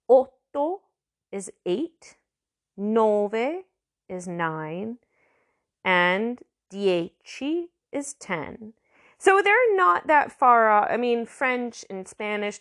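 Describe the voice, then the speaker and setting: A woman giving a casual language lesson, chatty, sounding out words slowly and repeating them. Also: mid-range voice, a bit bright. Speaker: language teacher.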